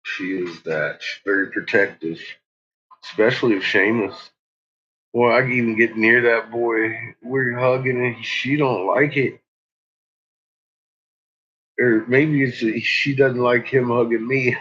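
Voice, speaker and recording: A man's voice: mid-range voice, fairly even intonation, a little slow, pauses often, a bit bright, breathy edge, dull audio. A man chatting in a rambling way about his dogs, chuckling often and cooing at them. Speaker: dog owner vlogger. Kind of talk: casual rambling chat.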